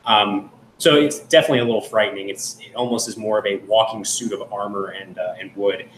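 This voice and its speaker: A man with a low voice describes his character's actions in a tabletop game, pausing often and filling gaps with hesitations. His voice sounds echoey in the room, with a faint hiss behind it. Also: fairly even intonation, a bit bright. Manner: halting, filler-heavy. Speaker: player.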